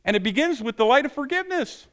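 Male pastor, sermon, passionate, rising voice when excited, prayerful close. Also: extremely high pitch, fast.

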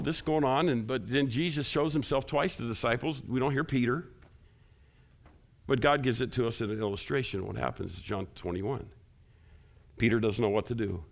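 A man preaching a sermon as pastor, asking the congregation questions and climbing high and loud when he stresses a point. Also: creaky.

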